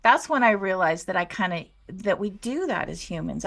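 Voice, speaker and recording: A woman's voice: moderate pace, gravelly, few pauses. A woman co-hosting a podcast, telling personal stories in a casual chat and laughing often. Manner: animated, jumps up high when excited. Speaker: podcast co-host. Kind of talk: casual conversation.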